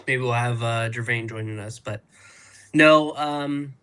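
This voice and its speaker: A man's voice: medium pitch, a little slow, a bit bright, clear, resonant tone. A man hosting a live podcast, joking around and introducing his co-hosts in casual chat. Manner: playful, jokey, introduces co-hosts. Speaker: podcast host.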